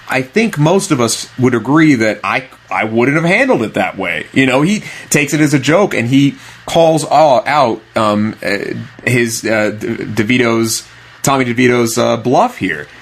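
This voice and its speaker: A man's voice: mid-range voice, expressive, a little slow, husky. A man co-hosting a podcast, explaining his view of a film with earnest emphasis in casual talk. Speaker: podcast co-host.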